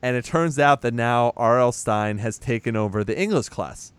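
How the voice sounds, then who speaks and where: A man's voice: medium pitch, moderate pace, smooth, dry recording. A man in casual chat, recapping a movie as a podcast host, chatty and teasing, swearing now and then.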